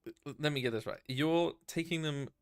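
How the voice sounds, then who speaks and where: A woman's voice: low voice, brisk, clear, resonant tone. A woman running a tabletop game as game master, giving brief, matter-of-fact prompts.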